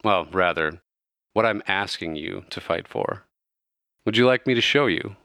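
A man voicing a calm, solemn female goddess of life who speaks slowly and in a measured way. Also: sits low, gravelly, no room sound, clean studio sound, full character voice.

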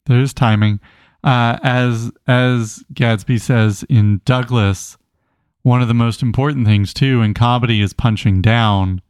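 A man co-hosting a casual book club podcast, an animated storyteller who reads passages aloud with emphasis. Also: mid-range voice, unhurried, clear, resonant tone, dry recording, clean studio sound. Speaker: podcast co-host.

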